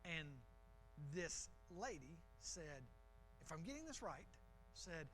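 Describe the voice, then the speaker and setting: A man's voice: fairly high pitch, big pitch swings, slow, pauses often, background noise. A man preaching a sermon in a church, talking in a conversational, emphatic way with frequent restarts. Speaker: pastor.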